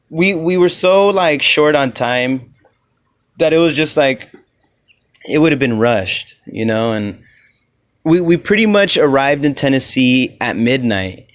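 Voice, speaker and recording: A man's voice: medium pitch, smooth. A man from Los Angeles hosting a casual solo podcast, rambling loosely with lots of "you know"s. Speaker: podcast host.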